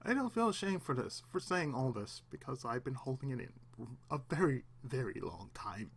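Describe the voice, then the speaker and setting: A man hosting his own channel, alone at home, giving a raw, halting confessional monologue on the verge of tears, with pauses, restarts and the odd swear. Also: medium pitch, sing-song, vocal fry, breathy edge. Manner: halting, repeats himself, long pauses, swears. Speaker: channel host.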